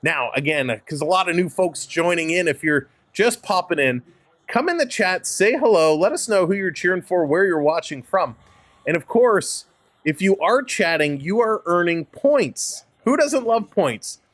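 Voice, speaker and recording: A man's voice: high-pitched, animated, moderate pace, a bit bright, dry recording. A man with a Canadian accent hosting a live hockey stream, calling the play-by-play and greeting chatters by name. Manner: upbeat, greets chatters by name between game calls.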